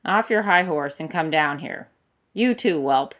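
A man's voice: a little high, lively intonation, a little slow, a bit bright. A woman reading a storybook and voicing a dramatic, complaining young male swordsman in a theatrical, huffy manner.

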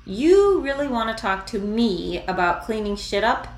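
A woman voicing a tired, brooding young vampire man with a low, clipped delivery, in an echoey room. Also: moderate pace, lightly acted. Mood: bitter.

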